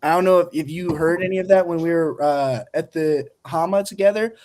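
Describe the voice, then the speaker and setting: A young man, a podcast co-host, telling stories in an animated way and acting out the quotes. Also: on the high side, brisk. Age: young adult. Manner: animated storytelling with acted-out quotes. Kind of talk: casual podcast chat.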